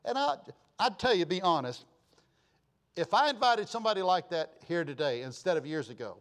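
A man preaching a sermon as a pastor, telling a folksy story with animated delivery. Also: sits high, a little fast.

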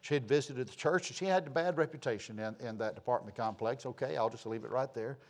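A middle-aged man preaching a sermon, telling stories and swinging from loud to hushed. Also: mid-range voice, fast. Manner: folksy, animated storytelling with sudden loud and soft swings. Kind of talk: sermon with storytelling.

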